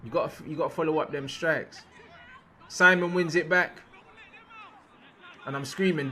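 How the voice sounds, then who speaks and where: A young man giving casual, slangy reaction commentary over football footage, repeating phrases and breaking into loud outbursts at big moments. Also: fairly high pitch, steady tone, moderate pace, some chatter behind, a little hiss or hum.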